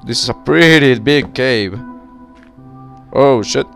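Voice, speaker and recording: A man casually commentating his game, excitable and swearing, yelling at monsters, slightly sick with a cracking voice. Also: medium pitch, takes it slowly, faint music behind. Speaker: gaming channel host. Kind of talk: casual Minecraft let's-play commentary.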